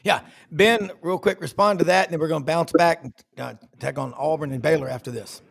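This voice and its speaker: A man hosting a sports panel, briskly steering the talk from guest to guest. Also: on the high side, gravelly, husky. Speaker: show host.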